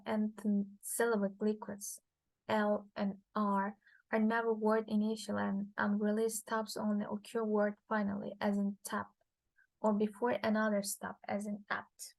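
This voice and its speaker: A woman whose first language is Turkish, reading a linguistics lecture from slides, halting with frequent fillers and restarts. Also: medium pitch, monotone, vocal fry, darkish tone, no echo, poor audio.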